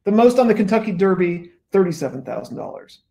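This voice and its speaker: A man's voice: high voice, very animated, quick pace, gravelly, dark tone. A male author reading from his own book at a bookstore event, adding wry asides. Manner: wry asides between read passages.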